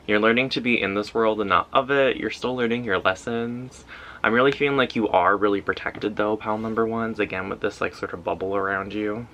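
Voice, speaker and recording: Bright-toned man giving a tarot reading. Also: fairly low pitch, a little hiss or hum, poor audio. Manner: loose and intuitive, heavy use of "like" fillers. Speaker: tarot reader. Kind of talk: casual pick-a-card tarot reading.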